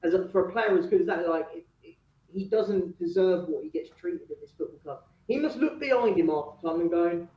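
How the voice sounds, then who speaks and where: Speaking briskly in a voice that sits high, this caller to a fan phone-in chat discusses football passionately and animatedly. The line comes through muffled, distant and echoey.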